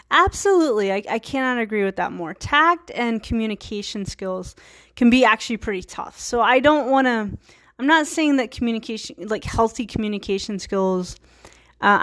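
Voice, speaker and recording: Woman, 30s, podcast host, rambling casual talk, lots of ums, slightly high voice. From Virginia. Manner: rambling, many fillers and restarts. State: a little tired.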